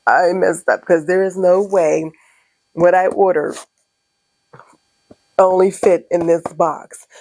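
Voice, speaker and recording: A middle-aged woman sits in her home studio vlogging about running her stationery business. Her voice sits low and sounds close and dry, with no room around it. She tells the story with animation, laughing often and acting out her own reactions. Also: fairly even intonation, slow pace, dark tone, no room sound, poor audio. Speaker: small business owner vlogging. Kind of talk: casual vlog chat.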